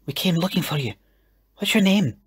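A man's voice: high voice, moderate pace, slightly rough, voice pushed up, heavily acted. A man doing an eager show-off boy. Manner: excited stage whisper.

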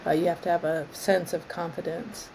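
A woman arborist trainer as an interview guest, explaining in a thoughtful, measured way and often restarting her phrases. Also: on the low side, level tone, gravelly, darkish tone, a little hiss or hum, rough recording. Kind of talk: conversational interview.

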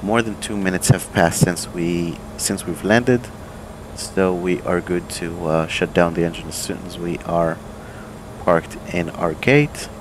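A man, an airline pilot, calmly walking through aircraft procedures in a relaxed, think-aloud way, with plenty of fillers and restarts. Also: sits low, unhurried, noisy background. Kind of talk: casual instructional walkthrough. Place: home desk with flight simulator.

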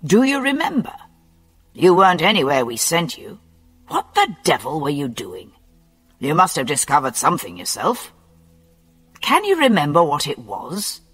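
An audiobook narrator voicing Runcorn, an impatient Victorian police superior who speaks bluntly, read over soft music in a reverberant space. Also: mid-range voice, huge pitch swings, normal speed, breathy edge, heavily acted. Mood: demanding. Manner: blunt, demanding questions.

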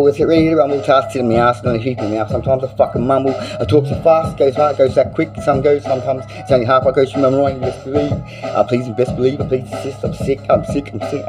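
Man, freestyle rap, repeats lines, profane, rambling, middle pitch. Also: poor audio. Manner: repetitive, profane, rambling rhymes. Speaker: freestyle rapper. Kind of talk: freestyle rap over a beat. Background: loud beat playing.

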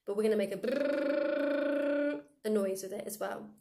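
A woman music teacher leading children through a silly vocal warm-up, demonstrating buzzing, lip rolls and odd noises as she explains each step. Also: medium pitch, completely flat delivery, very fast, a little hiss or hum. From England. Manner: playful, demonstrates silly noises and sound effects.

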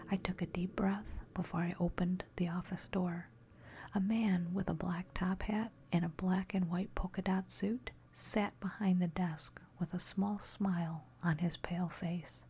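Woman storyteller, low-pitched, gravelly whisper, scary story narration. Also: a little hiss or hum. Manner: soft steady whisper.

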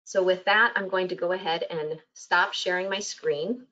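A woman presenting research findings in a webinar, halting with frequent ums. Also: lowish voice, fairly bright tone, dull audio. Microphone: video call.

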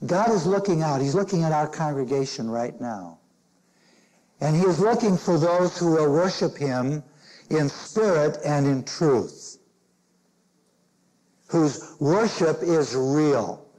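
Slow, mellow-voiced older preacher man. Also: a little high, expressive, rough recording. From Chicago, Illinois. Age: 60s. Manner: slow, deliberate preaching with emphatic stressed phrases. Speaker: minister. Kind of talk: sermon.

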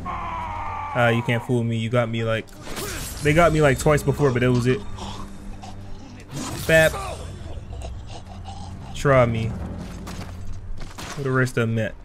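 A man's voice: mid-range voice, steady tone, a little slow, pauses often. A young man hosting a let's play, commenting in a slangy, trash-talking way as he fights through a game. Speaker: gaming channel host. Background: game music.

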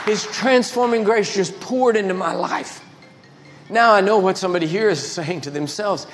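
An older man preaching a sermon as a guest speaker, telling stories with emphatic swings in pitch and volume. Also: moderate pace, fairly bright tone, slight background noise. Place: large church sanctuary. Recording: reverberant church hall with faint music.

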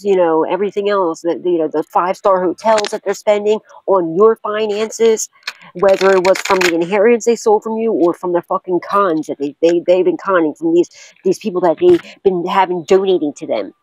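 A woman's voice: on the low side, darkish tone, dry recording, low-quality recording. Blunt, profane woman tarot reader. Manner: blunt and profane, repeating urgent warnings. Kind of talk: casual tarot reading vlog.

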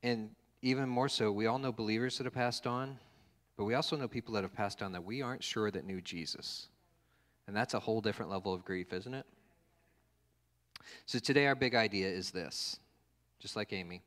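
Male pastor, lower voice, chatty sermon delivery with plenty of fillers. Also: a little fast, a bit bright, long reverb tail. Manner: casual, joking, fond of fillers and restarts. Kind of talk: conversational sermon.

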